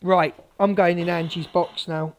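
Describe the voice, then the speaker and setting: A woman's voice: fairly low pitch, fairly even intonation, unhurried. A woman ranting angrily at viewers on a live stream, swearing and repeating herself.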